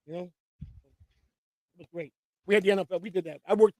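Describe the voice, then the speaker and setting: A man with a high voice rambles through profane stories, restarting sentences as he goes. He co-hosts a casual live stream. The sound is dry and close on a desk mic. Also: quick pace, pauses often, no echo. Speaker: co-host and storyteller. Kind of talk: casual chat, rambling anecdotes. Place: home live-stream setup.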